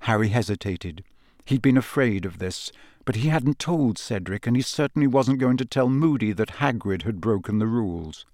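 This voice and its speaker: A man reading a storybook aloud in a steady, measured narration. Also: fairly low pitch, dry recording, studio quality. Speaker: audiobook narrator.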